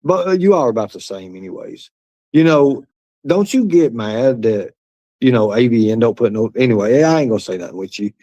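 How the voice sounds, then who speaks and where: A man's voice: mid-range voice, expressive, a little fast, mellow, no echo, dull audio. A man hosting a livestream, reading chat and talking in a rambling, profane, repetitive way. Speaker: livestream host.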